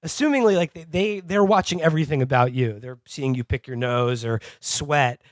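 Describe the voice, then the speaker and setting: A man's voice: fairly high pitch, normal speed, dry recording. Rambling, laughing male podcast co-host. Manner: rambling, filler-heavy, laughs often. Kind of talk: casual comedic chat.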